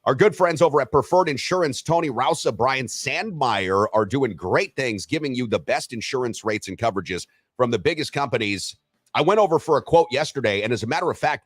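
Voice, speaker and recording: A man co-hosting a sports talk show, teasing and lively in a casual way. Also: medium pitch, breathy edge, dry recording. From Western Wisconsin. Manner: animated, teasing, lively delivery. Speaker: co-host of a sports radio show.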